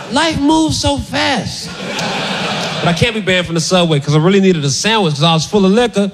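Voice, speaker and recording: A man doing stand-up, telling a story in an animated, shouty way and laughing through punchlines. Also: high voice, moderate pace, creaky. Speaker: stand-up comedian.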